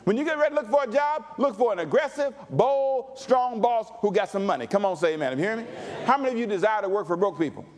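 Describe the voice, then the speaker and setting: A male pastor preaching a sermon with call-and-response, dropping to low asides and rising to shouts. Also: lively intonation, fast talker, hardly any pauses.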